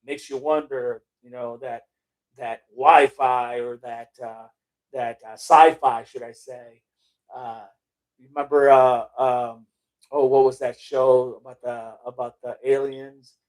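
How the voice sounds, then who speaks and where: Reading out viewer chat on a laid-back livestream, this middle-aged male host rambles on tangents, loses his thread, and laughs and swears casually. He speaks at medium pitch with a slightly mellow tone.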